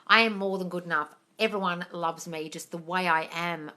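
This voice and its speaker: Bright-voiced woman coaching viewers live. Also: on the low side, fairly even intonation, normal speed. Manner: direct, coaching, calls listeners darling; swears casually. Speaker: manifesting coach answering viewer questions. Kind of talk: live-stream Q&A.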